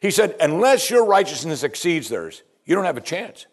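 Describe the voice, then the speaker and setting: A man preaching a sermon, reading scripture aloud and asking pointed questions, often dropping to a hushed voice on key points. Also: on the high side, very animated, normal speed.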